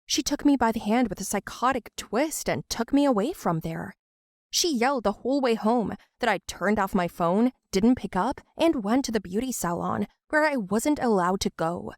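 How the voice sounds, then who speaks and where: Woman narrator, fairly high voice, earnest first-person storytelling, dry studio voice-over. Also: expressive, normal speed, no room sound.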